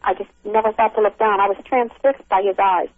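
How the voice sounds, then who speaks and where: A middle-aged woman recounting a frightening encounter over the phone, halting, with many restarts. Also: mid-range voice, steady tone, no room sound. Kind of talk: emotional first-person account. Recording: tinny phone line.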